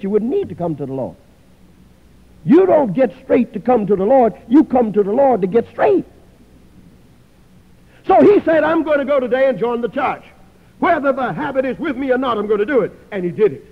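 A man preaching a sermon, telling a story dramatically and acting out the people in it. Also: sits high. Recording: tinny phone-like sound with long hall reverb.

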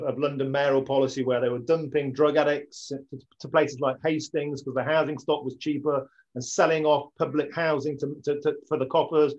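A British man hosts a political talk show, speaking with earnest conviction that climbs into enthusiasm. His voice sits a little high for a man. The audio is dull and lo-fi. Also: a little mellow. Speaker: show host.

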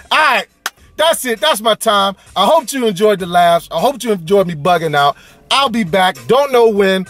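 A man's voice: high voice, animated, normal speed, a bit bright, soft background music. A man from California hosting a casual toy-hunting vlog, with playful slang-filled banter and a sing-song delivery. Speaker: toy collecting vlogger.

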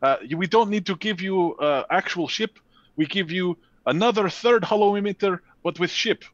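A man voicing an alien engineer who speaks in broken, halting English in a tabletop game. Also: high-pitched, no echo, natural voice. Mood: eager. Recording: lo-fi mic.

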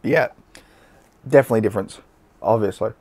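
A man's voice: on the low side, a little fast, warm tone, husky. An Australian man hosting a casual beer-tasting vlog, chatty and blunt, with slang and swearing.

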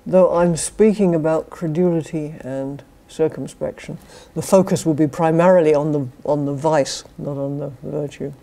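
A woman's voice: sits low, fairly even intonation, normal speed, vocal fry, few pauses, mellow. An older British woman with a British accent, a philosophy professor giving an academic lecture to a university society, with wry, dry humour and chuckled asides. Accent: British English. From Britain.

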